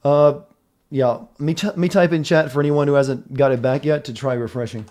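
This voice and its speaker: Mellow-voiced male game streamer. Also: on the high side, fairly even intonation, normal speed. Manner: chatty, apologetic about stream trouble. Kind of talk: casual game stream chat.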